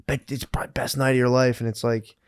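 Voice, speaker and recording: A young man from the Philadelphia area co-hosts a podcast, talking fast in a loose, rambling way. He swears often and drops dude and bro into nearly every line. The sound is dry and close, with no room around him. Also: medium pitch, flat delivery, creaky, clean tone, no echo. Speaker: podcast co-host. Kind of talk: casual chat.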